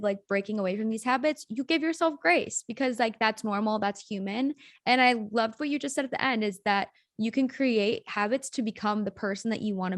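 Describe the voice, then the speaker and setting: A woman's voice: a little high, a bit bright, dry recording, studio quality. A woman hosting a podcast, affirming her guest's answer in casual chat. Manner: encouraging, affirming. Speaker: podcast host.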